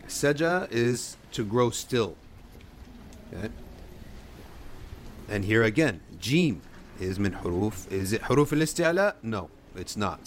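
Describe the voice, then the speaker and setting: A man teaching the rules of Quran recitation, modeling sounds slowly and repeating them, asking and answering his own questions. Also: lowish voice, animated, slight background noise. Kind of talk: tajweed lesson, explaining and modeling recitation.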